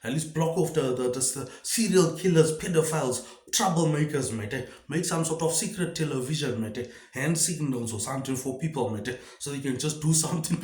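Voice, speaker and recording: Rambling man, slightly high voice, echoey room. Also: animated, normal speed, few pauses. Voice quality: ends nearly every phrase with "mate". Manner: rambling, repetitive, rhetorical questions. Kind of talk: rambling solo monologue.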